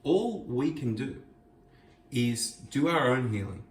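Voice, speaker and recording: Very animated yet slow, the host's mid-range voice carries an earnest reflection on a scripture passage as he reads the Hebrew verses and explains them. This Torah teaching takes place in a kitchen. It's recorded in an echoey room from a distance, with a little hiss or hum.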